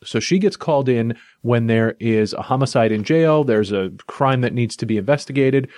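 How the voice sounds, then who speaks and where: A man's voice: medium pitch, moderate pace, a little mellow, no echo. Man summarizing a comic, dry sound. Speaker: comic book podcast co-host. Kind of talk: casual chat, comic review.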